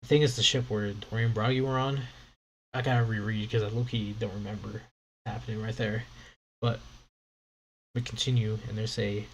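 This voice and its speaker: A man's voice: fairly low pitch, level tone, normal speed, pauses often, slight background noise. A man streaming live, reading a comic aloud with casual, rambling commentary and lots of fillers.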